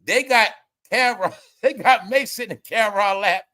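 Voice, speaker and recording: A young man hosting a live gossip commentary stream, loud and laughing, often calling out to viewers. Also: high-pitched, moderate pace. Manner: loud, laughing, repetitive, addresses viewers as y'all. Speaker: commentary host.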